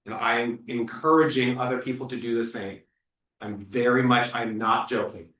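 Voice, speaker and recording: A man's voice: mid-range voice, steady tone, normal speed, fairly bright tone. A man leading a community meeting, talking in a blunt, earnest and emphatic way. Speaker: meeting organizer. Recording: echoey room from far off.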